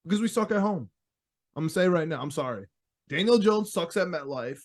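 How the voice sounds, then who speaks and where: Young New guy co-hosting a sports podcast, fed up and animated, voice a bit high. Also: a little fast. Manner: exasperated, animated storytelling with laughs. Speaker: podcast co-host. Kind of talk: casual sports chat.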